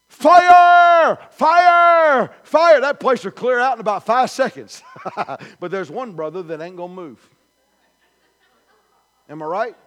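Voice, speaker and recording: A male pastor preaching a sermon in a church, emphatic and repetitive, building his points through repeated declarations. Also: high-pitched. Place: church sanctuary.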